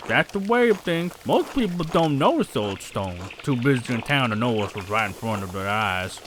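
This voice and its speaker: Man doing an accented old townsman, storyteller type, lively delivery. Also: medium pitch, moderate pace, noisy background, lightly acted. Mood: wistful. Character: older male townsman speaking with a put-on accent.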